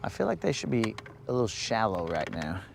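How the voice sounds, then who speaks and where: A man's voice: fairly low pitch, wildly swooping pitch, creaky, a little hiss or hum. A young man hosting a live fishing stream, chatting casually in a rambling, joking way from a boat on a lake. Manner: rambling, joking, slow-paced. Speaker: fishing livestream host.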